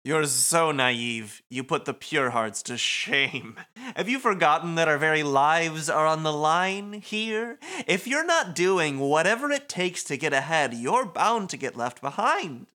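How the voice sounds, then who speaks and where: A man's voice: fairly high pitch, animated, unhurried, bright, forceful tone, voice pushed up. A man doing a smug, scheming villain. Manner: smug, sprinkles Spanish words. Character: scheming cocky male streamer villain.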